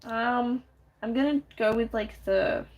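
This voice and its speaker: On a muffled recording, a woman with a slow, darkish, somewhat high voice draws during a live stream and chats away. Giggly and talkative, she reads out chat messages and replies with many restarts.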